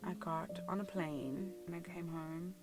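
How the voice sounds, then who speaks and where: A young woman with a South African accent speaks from her car in a lowish voice, recounting her own story frankly and conversationally. Music plays clearly underneath her voice. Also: steady tone, unhurried, poor audio. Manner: frank, conversational, emotional confessional tone. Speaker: vlogger. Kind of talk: candid personal storytelling. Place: inside a car.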